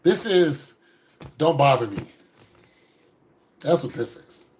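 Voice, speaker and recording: A man giving a casual, joking critique with animated, mock-preachy asides. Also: on the high side, slow, slight background noise. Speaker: dating and style commentator.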